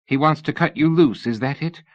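A man's voice: fairly high pitch, normal speed, lo-fi sound, pitched above the performer's own voice, lightly acted. A man reading the lines of an anxious young woman who pleads and questions. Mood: pleading.

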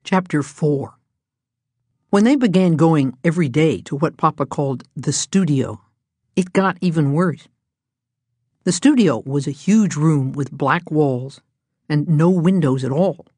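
Woman narrating a children's storybook, low voice, gentle and even, dry close recording. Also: unhurried, husky, no echo. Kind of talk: storybook reading aloud.

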